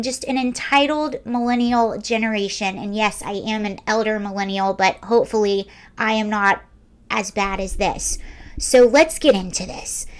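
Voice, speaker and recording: A woman in her early forties hosting a casual video, reading a story aloud with wry, sarcastic commentary. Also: a little high. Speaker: video host.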